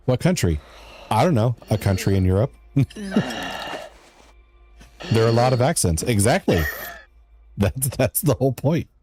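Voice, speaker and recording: A man's voice: medium pitch, expressive, moderate pace, long pauses, warm tone. A man streaming a video game live, chatting casually and joking in a rambling way as he answers his chat.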